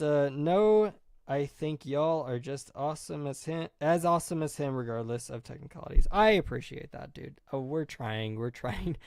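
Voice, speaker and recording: A man's voice: medium pitch, a little mellow, dry recording. A young man live-streaming and chatting casually, reading comments, rambling and apologizing a lot at his own expense. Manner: self-deprecating, rambling, apologetic.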